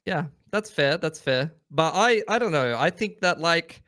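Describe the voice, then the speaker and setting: A man's voice: a little high, animated, a little slow, bright, forceful tone, no room sound, studio quality. A young man co-hosting a casual podcast, laid-back and thinking aloud. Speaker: podcast co-host.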